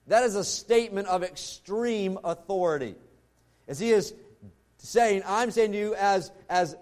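A pastor preaching a sermon in an earnest way, slowing down and dropping low to stress his points. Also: darkish tone. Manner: earnest preaching, slows and drops low for emphasis.

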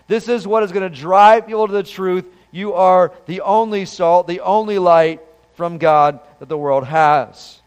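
A man's voice: high-pitched, smooth, in a large hall. A man preaching a sermon as pastor, talking in a conversational way and asking the congregation questions. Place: church sanctuary.

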